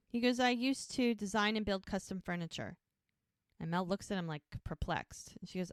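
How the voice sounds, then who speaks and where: Podcast lady recapping a show, quoting everyone's lines, mid-pitched voice, dry close sound. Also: fairly quick, no room sound. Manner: retells scenes by quoting characters. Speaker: podcast co-host. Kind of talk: casual recap chat.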